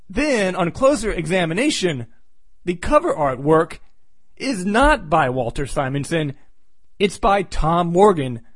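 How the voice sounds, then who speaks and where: A man's voice: fairly high pitch, no echo. A man reviewing an old comic book, recapping the plot with wry, sarcastic asides.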